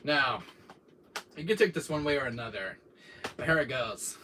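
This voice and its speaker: A man chatting casually on his livestream, rambling from one joke to the next with lots of fillers and chuckles. His voice sounds bright and edgy. The mic sits some distance away and picks up faint room noise. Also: mid-range voice, lively intonation, moderate pace. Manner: rambling, laughing often, many fillers. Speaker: livestream host.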